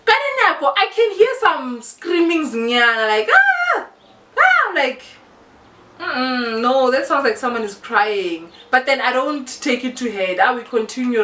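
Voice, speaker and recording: A young South African woman with a South African accent, telling a casual story-time tale with lively, animated delivery and mixing in local words. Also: on the high side, moderate pace, recorded from a distance. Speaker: YouTuber. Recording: echoey room, a bit off-mic.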